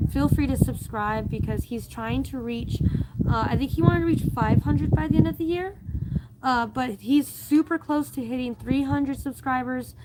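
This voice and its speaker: Chatty woman live-streaming, slightly high voice. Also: noisy background. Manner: chatty and rambling with many fillers and restarts. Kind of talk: casual live-stream chat reading viewer comments.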